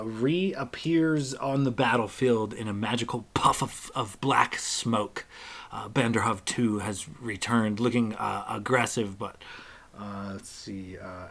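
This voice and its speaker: A man runs a tabletop game as game master, describing the fight in a slow, unhurried way. He halts often and fills the gaps with fillers. His voice sits at a middle pitch. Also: a bit bright. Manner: halting, many fillers.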